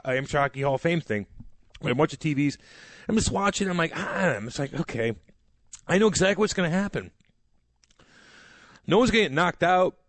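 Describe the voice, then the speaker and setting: A man's voice: on the high side, a bit bright, dry recording. A man co-hosting a sports radio show, talking in an emphatic, rambling, heated way. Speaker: sports radio co-host, former hockey player. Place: radio studio.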